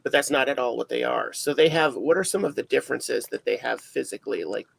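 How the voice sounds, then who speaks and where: A man's voice: medium pitch, expressive, fast talker, gravelly, a little hiss or hum, rough recording. A man hosting a casual livestream chat, rambling and self-deprecating, full of fillers. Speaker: livestream host.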